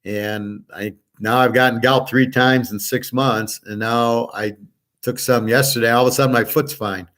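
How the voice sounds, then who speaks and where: A man's voice: mid-range voice, fairly even intonation, normal speed, fairly bright tone. A man in the middle of his range rambles through a casual monologue, blunt and full of fillers. He drifts from one thought to the next and swears freely as he talks straight to his listeners. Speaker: host of a picks and markets channel.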